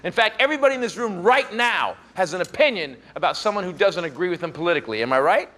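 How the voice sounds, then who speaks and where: A man's voice: high voice, lively intonation, fast talker. A man doing a stand-up comedy set on a club stage, punchy and playfully crude, with an audience laughing. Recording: live club with loud crowd and noise.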